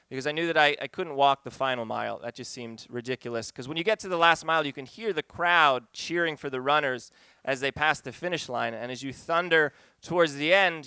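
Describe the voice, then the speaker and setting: A man's voice: on the high side, sharp tone, smooth, dry recording. A man telling a personal story live on a pub stage, conversational and wry, turning earnest.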